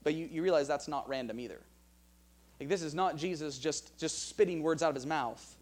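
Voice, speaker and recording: A man's voice: a little high, a little fast, a little mellow. A man preaching a sermon as pastor, earnest, often restarting phrases and reading scripture aloud.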